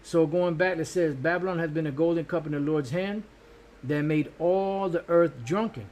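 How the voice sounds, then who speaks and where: A man teaching from the Bible in a loose, casual way, cursing freely and pausing often with fillers and restarts. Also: fairly high pitch, a little mellow. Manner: looks up words while talking. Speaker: street preacher.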